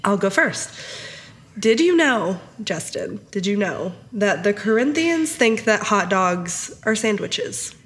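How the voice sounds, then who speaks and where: A woman's voice: mid-range voice, sing-song, takes it slowly, fairly bright tone. Giggly chatty woman podcast host. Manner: giggly, chatty, says "like" often. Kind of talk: casual podcast chat.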